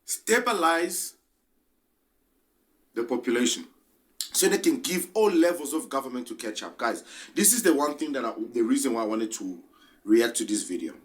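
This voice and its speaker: A man talks through politics in an earnest, explanatory way. His voice has a plain, mid-range pitch. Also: animated, a little fast, a little mellow. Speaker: political commentator. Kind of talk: reaction commentary.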